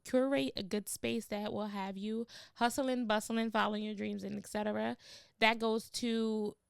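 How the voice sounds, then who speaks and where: A woman hosting a podcast, telling stories in an animated way and using casual slang. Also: mid-range voice, gravelly, clear, resonant tone, no room sound, clean studio sound. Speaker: podcast host.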